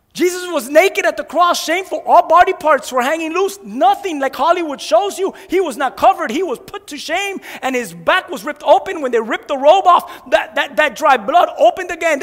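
A man preaching a fiery sermon in a church, shouting his points and then dropping low. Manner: fiery, shouting preacher with sharp jabs and drops to a hush. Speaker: pastor. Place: church sanctuary. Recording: long echo of a large hall.

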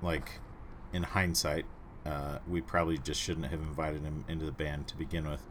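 A man cohosting a podcast, recalling a story in a relaxed, wry way. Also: a bass voice, moderate pace, a little hiss or hum. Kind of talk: casual chat.

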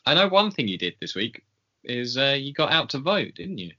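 A man co-hosting a podcast in casual chat, wry and quick to laugh. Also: mid-range voice. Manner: wry, laughing, animated when opinionated. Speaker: podcast co-host. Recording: dull lo-fi podcast audio.

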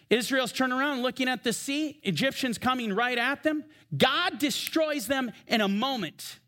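A man preaching from the pulpit with a strikingly high voice. He speaks with emphasis and slows down for the scripture he reads aloud. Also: a bit bright. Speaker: pastor. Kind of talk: sermon. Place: church.

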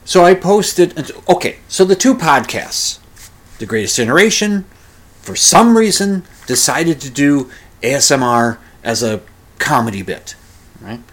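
A man's voice: mid-range voice, sing-song, a little slow. A man in his fifties hosting a solo podcast, rambling and grumbling with self-deprecating asides and mild swearing. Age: 50s. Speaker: podcast host. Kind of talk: casual solo podcast monologue.

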